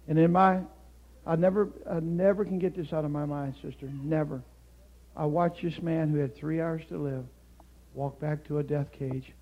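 Impassioned older male preacher, muffled sound. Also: on the high side. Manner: swings from hushed storytelling to shouted, impassioned preaching. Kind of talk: sermon.

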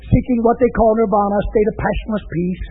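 A man preaching a fiery sermon, swinging between shouts and low growls. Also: steady tone, fairly quick, faint music behind. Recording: tinny lo-fi phone-like recording.

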